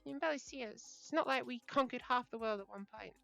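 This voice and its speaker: A woman's voice: fairly high pitch, fast, gravelly, a bit bright, faint music behind. A young woman from Britain with an English accent, chatting casually with her livestream viewers and laughing often. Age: young adult. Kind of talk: casual chat reading viewer messages.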